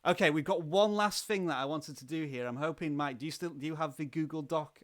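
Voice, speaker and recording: A man hosting a livestream interview, chatting enthusiastically with halting restarts. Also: a little high. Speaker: livestream host. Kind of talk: casual interview chat.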